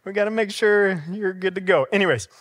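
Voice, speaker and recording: A man's voice: sits high, fairly quick, fairly bright tone, no room sound, studio quality. A man preaching a casual, conversational sermon in a church, with everyday stories and acted-out dialogue. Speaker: pastor. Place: church sanctuary.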